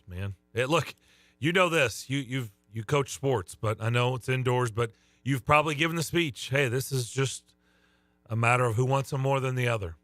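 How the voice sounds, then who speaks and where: Middle-aged male coach and co-host, slightly hoarse, teasing, mid-pitched, dry close mic. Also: fairly bright tone, dry recording. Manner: teasing, upbeat banter. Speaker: youth baseball coach and radio co-host. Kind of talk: casual radio chat.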